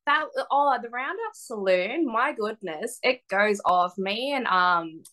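A young woman talks as a wrestler guest on a podcast, bubbly and quick to break into laughter. She tells her stories with lots of exclamations and playful asides. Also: on the high side, lively intonation, bright, forceful tone. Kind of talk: casual podcast chat.

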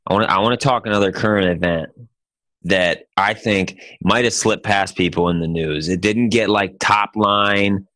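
A man with a lowish voice tells a joking story on a podcast, animated and loose, tossing in "dude" every few lines. His voice sounds close and dry on the mic, with no room sound. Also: moderate pace, dry recording. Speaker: podcast co-host. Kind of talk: casual chat.

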